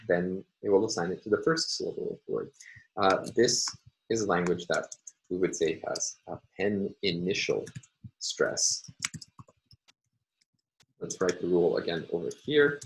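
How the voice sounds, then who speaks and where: A man giving a recorded university phonology lecture, explaining step by step with frequent "uh" and "um" pauses. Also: low-pitched, slight background noise, rough recording.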